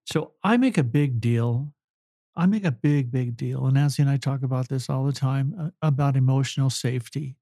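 Older male counselor, emotional and earnest, mellow dry voice. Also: medium pitch, no room sound. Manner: earnest, halting, apologetic. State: choked up with emotion. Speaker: family counselor. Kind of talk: emotional interview answer.

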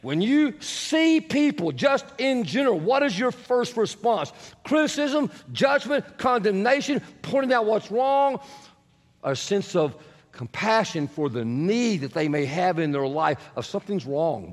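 A man preaching a sermon as pastor, animated and asking the congregation questions, sometimes rising to shouts. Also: sits high, measured pace. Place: church sanctuary. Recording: long church reverb.

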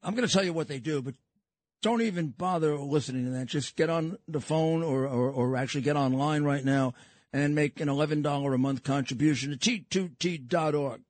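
A man's voice: fairly high pitch, fairly quick, darkish tone, no room sound. An older man with a New York accent hosting his own radio show, lecturing in a combative way and repeating phrases. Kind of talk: opinionated radio monologue.

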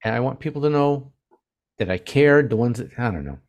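An older man, an author guest in an interview, talking casually in a halting, earnest way with many restarts. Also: mid-range voice, lively intonation.

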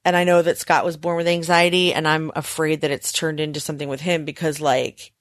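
A woman co-hosting a podcast in casual chat, telling stories animatedly and acting out a panicked child in high squeals. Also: level tone, fairly quick, no echo, studio quality. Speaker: podcast co-host.

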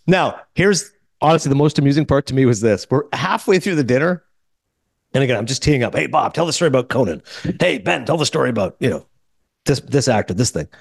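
Animated storytelling man, quick and dry. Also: mid-range voice, creaky, no room sound. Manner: animated, quotes others in quick back-and-forth. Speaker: podcast host. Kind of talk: casual storytelling chat.

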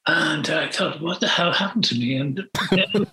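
Older guy rambling through old stories, frank and full of ums, bright tense voice, echoey room. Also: fairly high pitch, moderate pace. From Britain. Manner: rambling, frank, hesitant with many fillers. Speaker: guest. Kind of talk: reminiscing interview. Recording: roomy echo.

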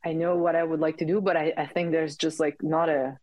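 Young french-native woman on a podcast, lots of likes and ums, low-ish voice, dry close sound. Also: level tone, fairly quick, darkish tone, dry recording. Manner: hesitant, many fillers and restarts. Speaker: podcast guest. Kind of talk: casual chat.

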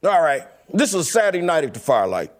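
A man telling a personal story about his years as a club DJ in a lively, casual way, often acting out the voices of the people in it. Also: on the high side, fast. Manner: animated, laughing, acts out quoted voices.

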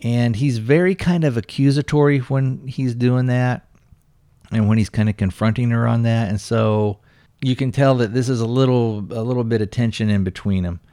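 A man's voice: medium pitch, normal speed, warm tone, no echo, clean studio sound. A man hosting a solo podcast in a casual, rambling way, loosely retelling a film's scenes with frequent fillers. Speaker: podcast host reviewing movies.

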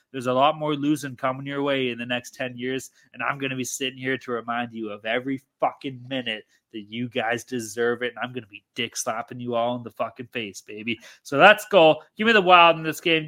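A man co-hosting a hockey betting podcast, ranting loudly with constant profanity and brash trash talk. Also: mid-range voice, steady tone, a little fast, hardly any pauses. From Canada. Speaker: podcast co-host. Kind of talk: profane sports betting rant.

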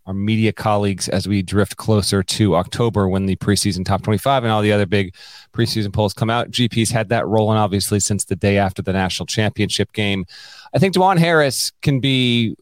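A man hosting a basketball podcast, speaking in a steady, measured way with the odd playful remark. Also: fairly low pitch, no echo. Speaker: podcast host. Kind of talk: casual podcast chat.

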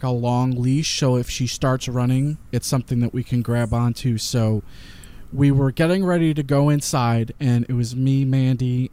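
An easygoing man tells a story in casual podcast chat. His voice sits a little high for a man. The sound is dry and close. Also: a little mellow, no echo. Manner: easygoing storyteller, uses sports comparisons.

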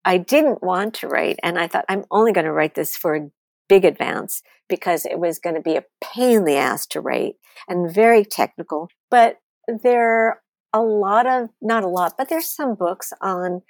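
A woman, a wine author telling candid stories as an interview guest, blunt and animated, acting out what people said. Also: medium pitch, moderate pace, no echo. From United States. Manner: blunt, animated storyteller who swears and acts out quotes.

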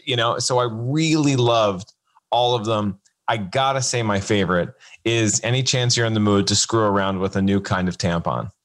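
A man co-hosting a casual podcast, thinking aloud in halting phrases full of fillers and restarts. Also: fairly low pitch, fairly bright tone. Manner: halting, lots of likes and restarts. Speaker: podcast co-host.

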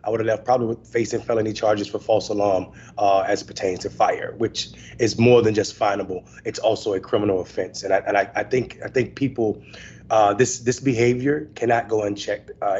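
A man's voice: lowish voice, darkish tone, highs cut off, a little hiss or hum. A man serving as guest co-host, giving earnest commentary and often stopping to restart his sentences. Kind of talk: casual commentary.

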